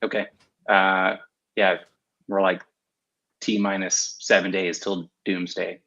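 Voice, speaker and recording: A man who is a guest on a casual podcast, relaxed and wry. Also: low-pitched, slow, lo-fi sound.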